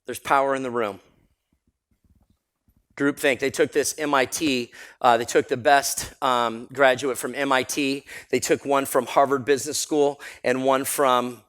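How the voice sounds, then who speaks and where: A man giving a live motivational talk at a seminar, energetic and storytelling, often laughing. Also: mid-range voice. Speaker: motivational speaker. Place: seminar room with audience.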